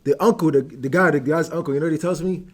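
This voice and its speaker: A man's voice: on the high side, quick pace. A young man from Algeria ranting on a live stream, heated and swearing, calling everyone "bro". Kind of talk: casual stream rant.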